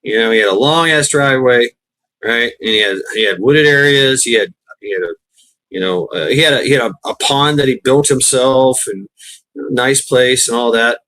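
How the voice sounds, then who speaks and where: A man chats on his livestream in a loose, rambling way, swearing freely and often breaking into laughter. His voice sits at an ordinary middle pitch. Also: moderate pace, bright, forceful tone. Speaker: livestream host. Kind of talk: casual profane chat.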